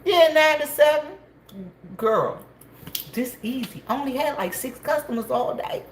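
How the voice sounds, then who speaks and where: A woman chatting casually to her viewers from a gas station store, gossipy and quick to laugh. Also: high-pitched. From South Carolina, USA. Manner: chatty and gossipy, laughs often, calls out loudly to coworkers. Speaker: vlogger. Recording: echoey room, faint background noise.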